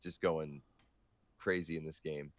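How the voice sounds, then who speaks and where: A man's voice: a bass voice, flat delivery, a little slow, dry recording. A man speaking as a guest on a gaming podcast in casual chat, hesitant and restarting often.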